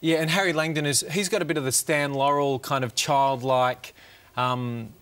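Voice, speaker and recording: A man's voice: mid-range voice, steady tone, normal speed, fairly bright tone. A middle-aged man, chatting in an interview in a rambling, self-deprecating way, with lots of fillers. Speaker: comedian guest. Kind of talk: casual interview chat.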